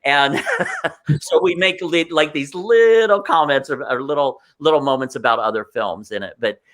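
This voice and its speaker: Excitable man telling stories. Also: on the high side, normal speed. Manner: excitable, emotional, acts out voices in anecdotes. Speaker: guest performer. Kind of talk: animated interview storytelling.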